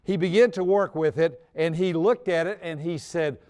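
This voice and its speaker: A man's voice: fairly high pitch, normal speed, darkish tone, clear, resonant tone. A man in his sixties telling a personal story on stage before an audience, folksy and humorous, sometimes repeating his words. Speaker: speaker on personality types.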